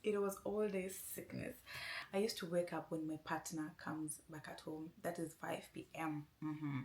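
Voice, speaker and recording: A woman's voice: sits low, fairly even intonation, moderate pace, darkish tone, slight background noise. A woman vlogger casually telling a long personal story, rambling and often saying "anyway". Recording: roomy echo.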